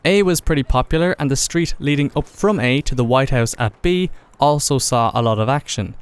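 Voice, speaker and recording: A man's voice: mid-range voice, moderate pace, clear, resonant tone. A man narrating a gameplay video in a casual, enthusiastic commentary voice-over. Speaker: gaming video creator.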